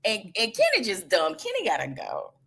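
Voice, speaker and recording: A woman's voice: fairly high pitch, huge pitch swings, moderate pace, creaky, fairly bright tone. A woman on a casual live-stream chat, speaking playfully and teasingly.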